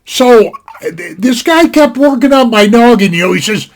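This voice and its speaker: A man's voice: very high-pitched, lively intonation, moderate pace. An older man from Montana telling a rambling, folksy anecdote at home, packed with "you know" asides. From Montana, USA. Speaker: storyteller. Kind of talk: casual spoken anecdote. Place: home desk. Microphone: desktop mic.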